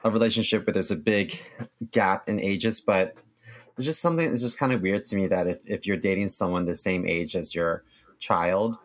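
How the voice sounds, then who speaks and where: A man's voice: low-pitched, normal speed, dry recording. A man co-hosting a podcast, talking casually and hesitantly, with restarts. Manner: hesitant, restarts, self-mocking. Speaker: podcast co-host. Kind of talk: casual chat.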